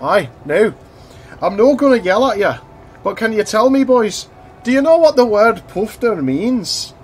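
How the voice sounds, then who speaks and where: A man voicing a stern male deputy headteacher from his school days, firm and measured, never raising to a shout. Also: high-pitched, sing-song, soft background music, pitched above the performer's own voice. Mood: sternly calm.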